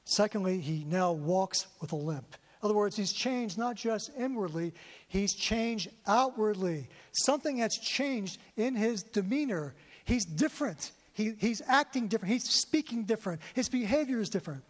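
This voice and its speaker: At a moderate pace, a man with a high, expressive voice shares his testimony from the pulpit, full of feeling and often repeating himself. The sermon rings out with long hall reverb.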